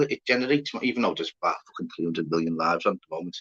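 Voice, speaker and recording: A man's voice: sits low, animated, racing, fairly bright tone, breathy edge. A middle-aged Scouse man chatting casually on a livestream, swearing freely and calling his viewers mate and fella. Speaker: livestream host. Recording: slightly dull lo-fi sound.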